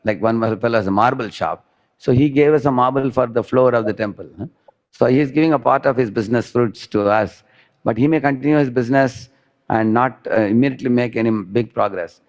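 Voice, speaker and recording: A man's voice: mid-range voice, brisk. A man teaching a devotional class, explaining with stories and often checking in with "huh?". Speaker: spiritual teacher.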